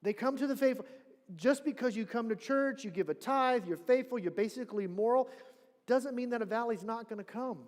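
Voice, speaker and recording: A man preaching a sermon as pastor, telling a story in an animated way and acting out the people he quotes. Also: extremely high pitch, brisk. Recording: long church hall reverb.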